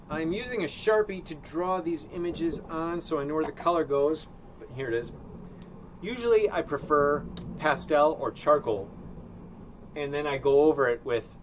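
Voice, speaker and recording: A man chatting casually while he paints live. He rambles offhand and thinks out loud in a room indoors. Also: mid-range voice, slight background noise. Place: indoor studio room with a sunny window.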